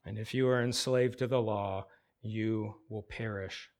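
Male pastor, sermon delivery, deliberate and unhurried, emphatic with rhetorical questions. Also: on the low side, fairly even intonation. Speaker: preacher. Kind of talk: expository sermon.

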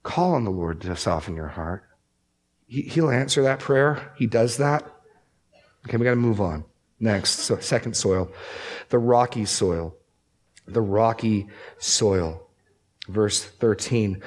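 A man's voice: fairly low pitch, lively intonation, slow pace, long pauses, breathy edge. A man preaching as a pastor, emphatic and repeating key phrases for stress. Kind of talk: sermon.

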